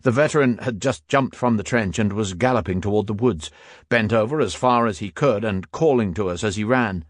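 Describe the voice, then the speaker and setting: A man reading a war memoir aloud as steady, grave scripted narration. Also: fairly low pitch, brisk, dry recording, studio quality.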